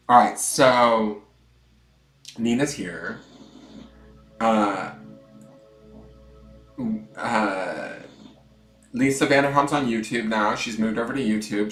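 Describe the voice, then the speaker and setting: A man hosting a casual tarot livestream from home, chatty and self-mocking, swinging between loud greetings and mumbled asides. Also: mid-range voice, roomy sound. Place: room at home with dogs snoring nearby.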